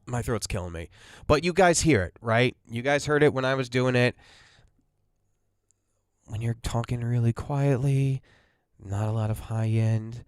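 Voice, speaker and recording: A man hosting a casual mixing tutorial, talking quietly through a migraine and correcting himself as he explains. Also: medium pitch, smooth, no echo, studio quality. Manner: rambling, self-correcting explainer. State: has a migraine, talks quietly. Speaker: audio mixing host.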